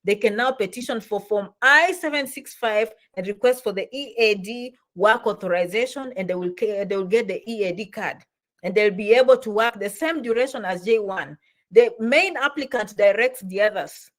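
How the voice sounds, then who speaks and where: A woman giving casual advice, lively and repetitive, often checking "okay?" and "you understand?". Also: mid-range voice, moderate pace. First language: not English. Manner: animated, repeats "okay?" and "you understand?", acts out quoted voices. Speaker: immigration advice vlogger. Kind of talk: casual explainer talk.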